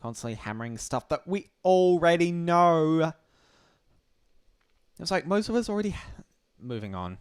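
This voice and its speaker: A man's voice: a little high, big pitch swings, smooth, no room sound, studio quality. A man hosting a casual livestream, talking bluntly and sardonically, swearing freely and often restarting his sentences. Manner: halting, with frequent restarts. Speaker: livestream host.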